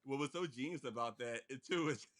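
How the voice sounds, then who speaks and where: A man in a relaxed movie review chat with an ordinary mid-range voice. He gets animated and laughs often, then drifts into quieter asides. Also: mid-range voice, fairly quick. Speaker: podcast co-host.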